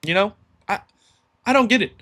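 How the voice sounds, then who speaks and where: A man's voice: sits high, expressive, brisk, sharp tone. A man hosting a solo sports podcast, ranting heatedly and swearing freely.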